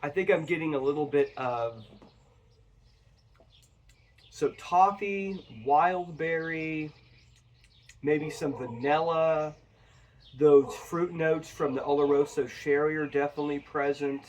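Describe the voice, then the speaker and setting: Speaking slowly with long pauses, a man with a voice on the high side rambles casually through a whiskey review for his viewers. He's positioned a little away from the microphone.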